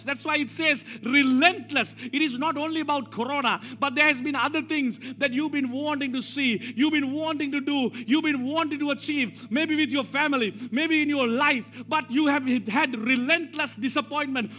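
A man, preaching a sermon as pastor, with call-and-response lines, swinging from shouts down to low asides. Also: steady tone, moderate pace, hardly any pauses. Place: church service.

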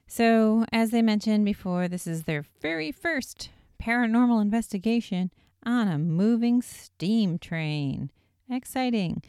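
A woman's voice: deep voice, clear, resonant tone, no room sound, studio quality. A woman casually recapping a TV episode in a chatty way, with lots of "like" and wry asides.

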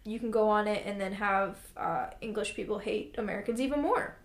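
A woman's voice: mid-range voice, a little fast, roomy sound. A young woman co-hosting a podcast, chatting casually and sarcastically with many fillers. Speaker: podcast co-host.

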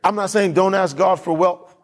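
A male pastor delivering a sermon to his church, pressing each point home by repeating it. His voice sits somewhat high for a man, and he moves between plain talk and reading scripture aloud. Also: fairly even intonation, moderate pace. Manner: emphatic preacher, repeats lines, reads scripture aloud.

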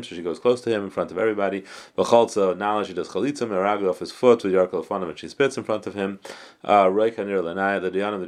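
A man with a very low voice leads a Talmud class. He reads each phrase of the text aloud and then translates it, often restarting and correcting himself as he goes. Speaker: Talmud teacher.

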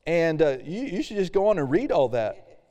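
A man's voice: a little high, very animated, moderate pace, dark tone. Man preaching in a reverberant hall. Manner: casual preaching with reading aloud and acted-out quotes. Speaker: pastor. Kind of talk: sermon.

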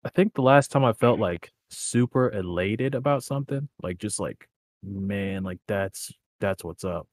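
Laid-back slangy young man, low voice. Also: expressive, measured pace, a little mellow, no echo, clean studio sound. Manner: laid-back and slangy, heavy on filler words. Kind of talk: casual chat.

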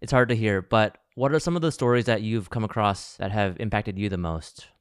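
Smooth, dry-voiced American man interviewing. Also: on the low side, expressive, moderate pace, no room sound. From United States. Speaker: interview host. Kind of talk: casual interview talk.

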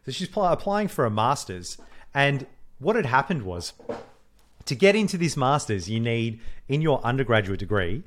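Animated man telling a story. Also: medium pitch. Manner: animated, swears freely, acts out quoted voices. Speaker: podcast co-host. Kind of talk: casual storytelling chat.

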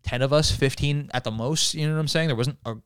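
A man tells a story in a loose podcast chat, swearing freely and slipping into the voices of the people he quotes. His voice is smooth and clean, and the recording is dry and close on a handheld mic. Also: medium pitch, quick pace, dry recording. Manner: profane, animated storytelling with acted-out quotes.

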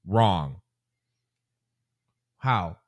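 A man's voice: low voice, expressive, drawn-out words. Joking, profane male podcast host. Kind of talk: casual sports chat.

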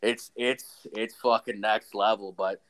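A man's voice: fairly low pitch, fairly even intonation, a little slow, fairly bright tone. A young man from rural Ontario, Canada, co-hosting a casual chat, telling rambling stories full of swearing. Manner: rambling, heavy swearing, laid-back storytelling.

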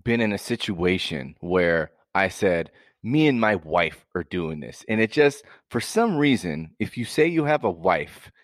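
A man's voice: low-pitched, animated, unhurried, few pauses, no echo, studio quality. A man in casual chat, easygoing and curious, asking plenty of follow-up questions.

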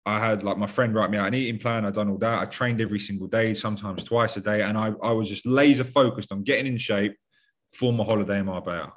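A young British man talking casually on a podcast, rambling and blunt, with lots of fillers and swearing. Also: lowish voice. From United Kingdom.

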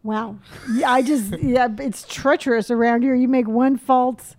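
A woman's voice: fairly high pitch, fairly even intonation, measured pace, a little mellow. A middle-aged woman from California co-hosting a casual podcast, talking in a chatty, rambling way. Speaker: podcast co-host.

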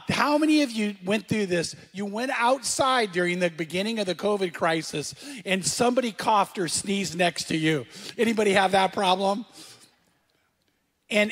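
A middle-aged man delivers a sermon in a conversational way, asking the congregation questions and repeating phrases for emphasis. His voice sits high for a man. The sound carries a long reverb, like a large church. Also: normal speed, fairly bright tone. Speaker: pastor.

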